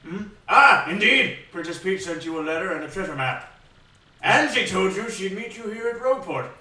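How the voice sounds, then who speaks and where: A man putting on a sly, theatrical video game character with a high, sharply bright voice that leaps all over the place. Each line comes out hammy and drawn out. The sound is distant and very echoey. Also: animated, full character voice. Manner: hammy, drawn-out, mock-grand delivery. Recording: very echoey room, distant mic.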